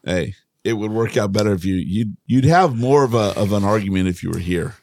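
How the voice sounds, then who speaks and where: A man with a low, gravelly voice co-hosts a podcast, joking and rambling through casual banter with frequent restarts. The sound is dry and close. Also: a little fast, darkish tone, dry recording. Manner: joking, rambling, self-interrupting. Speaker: podcast co-host.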